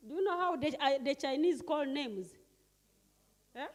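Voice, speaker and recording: A Ugandan woman with a high, expressive voice facilitates a workshop at a deliberately slow pace. She stops to quiz her listeners and has them repeat key words. The echoey large hall gives her voice a long reverb.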